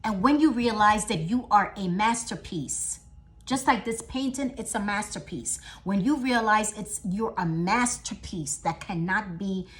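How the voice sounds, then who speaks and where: A middle-aged woman speaks in a motivational talk, with a voice at an everyday middle pitch. She stresses her points with repeated phrases and swings between loud declarations and hushed lines. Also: a little slow.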